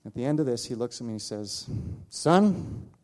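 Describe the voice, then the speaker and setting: A man preaching, telling a personal story with animated delivery, acting out the voices of others and laughing at himself. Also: mid-range voice, rapid-fire. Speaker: pastor. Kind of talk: sermon storytelling.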